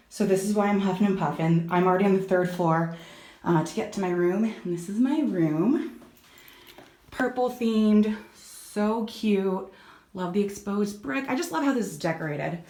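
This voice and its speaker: A woman's voice: mid-range voice, big pitch swings, moderate pace, a little mellow. Chatty young woman vlogging, complaining. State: out of breath. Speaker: travel vlogger. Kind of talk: casual vlog chat. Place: small rented room in a villa.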